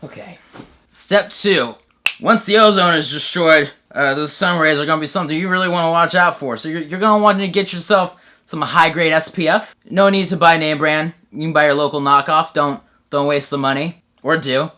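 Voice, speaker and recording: A young man with a bright, forward voice hosts a satirical comedy bit. He delivers mock-serious narration in a flat, dry tone, then breaks into crude, shouty bro outbursts. His humor is sarcastic and profane throughout. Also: fairly high pitch, normal speed. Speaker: comedy sketch host.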